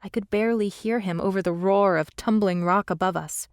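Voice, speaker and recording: A woman narrating a fantasy audiobook in the first person, steady and measured, on a close studio mic. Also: medium pitch, dry recording.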